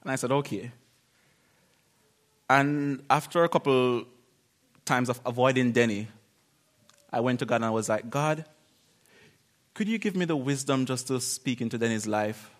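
A man giving an informal sermon in a conversational, animated way, acting out little quoted exchanges and laughing often. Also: mid-range voice, normal speed, pauses often. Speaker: preacher.

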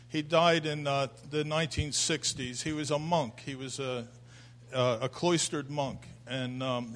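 An older man speaking at a church service, halting and emotional, rising to fervent exclamations. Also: a little high, a bit bright. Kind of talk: informal sermon.

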